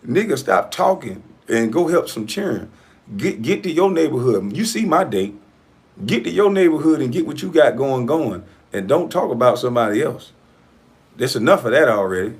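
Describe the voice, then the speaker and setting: A middle-aged man from coastal Georgia giving a profane, forceful monologue to camera as an entrepreneur vlogger, repeating himself for emphasis. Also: medium pitch, sing-song, normal speed. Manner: profane, forceful ranting with repetition.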